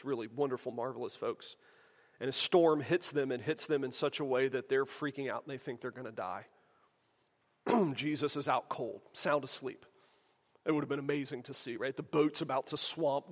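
A man preaching a sermon in a conversational way, asking the room rhetorical questions. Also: mid-range voice. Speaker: pastor. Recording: long hall reverb.

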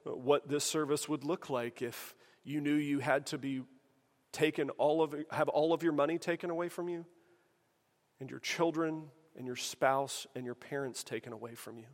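Pastor preaching in a reverberant hall. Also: male voice, fairly high pitch, fairly even intonation, normal speed. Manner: conversational, with rhetorical questions and acted-out quotes. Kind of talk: sermon.

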